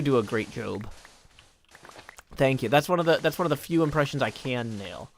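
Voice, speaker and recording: Lively, chatty male streamer. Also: medium pitch, moderate pace, gravelly, pauses often. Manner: chatty, jokey, reads viewer messages aloud. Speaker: live streamer. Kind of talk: casual live-stream chat while gaming.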